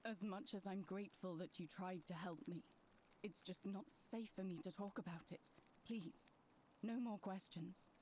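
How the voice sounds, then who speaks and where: An actress playing a weary young woman recovering from poisoning, speaking slowly and reluctantly in video game dialogue. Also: mid-range voice, a little mellow, a little hiss or hum, natural voice. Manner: slow, tired, reluctant.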